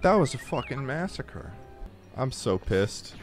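A man playing a video game on stream, swearing, grumbling and now and then yelling at the game. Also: medium pitch, sing-song, unhurried, soft background music. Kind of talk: casual gameplay commentary.

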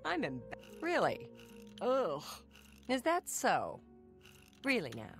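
An actress playing a gruff, weary Nord woman shopkeeper in a video game, speaking curtly and impatiently with sighs. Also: medium pitch, wildly swooping pitch, slow, faint music behind, exaggerated voice. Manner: curt, impatient, sighing.

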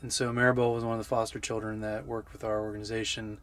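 A man's voice: fairly low pitch, level tone, fast talker, a bit bright. Easygoing man hosting a travel vlog. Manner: easygoing, jokey, talks to the camera. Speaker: vlog host. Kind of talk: casual travel vlog chat. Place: outdoors on city streets.

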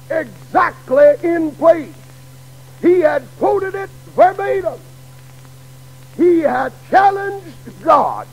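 A middle-aged man preaching a sermon in a dramatic way that builds to shouts, on an old radio broadcast. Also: very high-pitched, rough recording.

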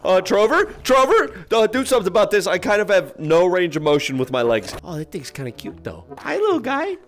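A man doing crude, loud let's play commentary on a game. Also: big pitch swings, fast talker. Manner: crude, loud, swinging pitch, laughing. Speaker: gaming YouTuber. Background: game music.

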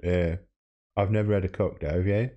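A man making a comedic prank call, cheeky and mock-outraged, squealing up high when flustered. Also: fairly even intonation, fairly quick, mellow, dull audio. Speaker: prank caller.

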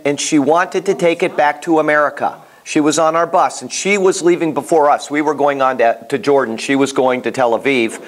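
A man teaching a Bible class in a casual, animated way, telling stories and often restarting his sentences. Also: fairly high pitch, fairly quick, hardly any pauses. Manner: animated, storytelling, repeats himself, many restarts.

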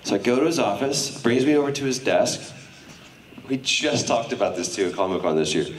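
A man's voice: medium pitch, animated, a little fast, a little hiss or hum. A middle-aged man speaking as a guest on a convention panel, telling a story to a live audience with lots of animation and acting out other people's lines in raised voices. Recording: roomy hall sound, mic at a distance.

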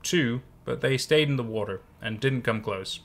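A man voicing a shaken young boyfriend in a horror story who speaks quietly, in a grim, tender tone. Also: mid-range voice, moderate pace, gravelly.

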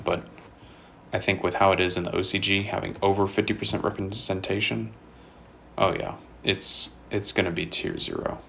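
Tired gaming host, low gravelly voice, rambling casual chat, faint keyboard typing behind. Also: male voice, a little hiss or hum. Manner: rambling, relaxed, many fillers and restarts. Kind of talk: casual chat while playing a video game.

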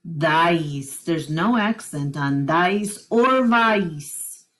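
A woman records a lesson at her computer from home, pausing between each verb. Her pitch rises and falls a lot, sitting slightly low. She drills each form slowly and deliberately. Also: big pitch swings. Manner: slow, deliberate, drills conjugations one by one. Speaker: high school Spanish teacher. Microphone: computer mic while screen recording.

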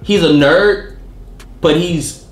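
A man hosting a casual TV review chat, talking animatedly and acting out scenes in quick put-on voices. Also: fairly high pitch, reverberant, soft background music. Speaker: show host.

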